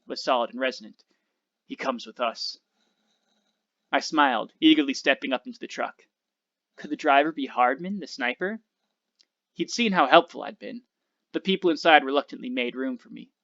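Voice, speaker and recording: A male teacher reads a novel aloud to his class in a steady, expressive way, on a slightly dull recording. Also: mid-range voice, fairly quick, creaky.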